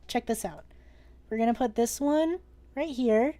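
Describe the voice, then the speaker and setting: A young woman teaching a casual live-streamed drawing lesson, playful and joking, excitable, with casual swearing. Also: high-pitched, moderate pace.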